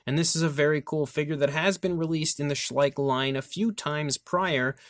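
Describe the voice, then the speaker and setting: A man's voice: medium pitch, no echo, clean studio sound. A man hosting his own channel, giving an enthusiastic, detailed product review in a casual tone, often saying "like". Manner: enthusiastic, detailed, frequent "like" fillers. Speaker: toy reviewer, channel host.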